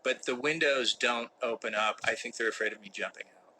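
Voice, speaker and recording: Middle-aged man, casual live Q&A, mock-serious humor, very bright edgy tone. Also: medium pitch, fairly quick, slight background noise, low-quality recording. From United States. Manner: reads fan questions aloud, joking and mock-serious. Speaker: actor hosting a live Q&A. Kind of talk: casual live-stream chat. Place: indoor room with a window that does not open.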